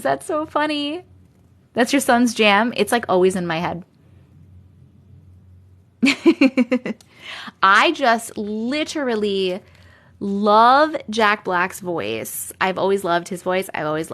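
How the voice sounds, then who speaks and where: A woman with a New York accent chats loosely on a live stream, hopping from one thought to the next and laughing often. Her voice sits a little high. She talks in a relaxed, unscripted way as the host. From Long Island, New York. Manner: rambling, chatty, scattered. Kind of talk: casual live-stream chat.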